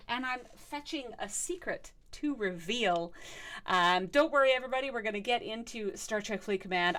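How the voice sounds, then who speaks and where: A woman's voice: medium pitch, pushed and bright. Bubbly, chatty woman live-streaming. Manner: bubbly, chatty, thanks viewers. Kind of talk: casual live-stream chat.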